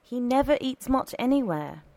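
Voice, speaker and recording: A woman's voice: high voice, sing-song, normal speed, warm tone, dry recording, voice pushed up, poor audio. A woman reading aloud and voicing a wry, chatty male priest around sixty who likes to gossip.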